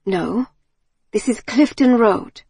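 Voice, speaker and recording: A woman's voice: mid-range voice, moderate pace, a little mellow, husky, no room sound, clean studio sound, lightly acted. Woman voicing a cold, clipped woman of fifty. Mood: guarded. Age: 50s. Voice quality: slight foreign accent. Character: curt woman of about fifty at intercom.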